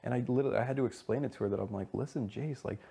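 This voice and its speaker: A young man telling an animated, profanity-laced story in casual chat, retelling what others said to him. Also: medium pitch, very fast, gravelly, husky. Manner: animated, swearing, retelling scenes with asides. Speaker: reality show contestant.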